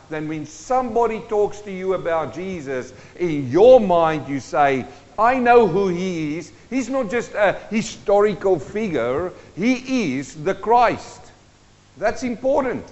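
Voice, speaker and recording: High-voiced South African preacher. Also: male voice, long reverb tail, lo-fi sound. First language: Afrikaans. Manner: emphatic, preaching with rhetorical questions and slow, stressed repetition. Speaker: pastor. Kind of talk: sermon. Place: church. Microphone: handheld or stand microphone.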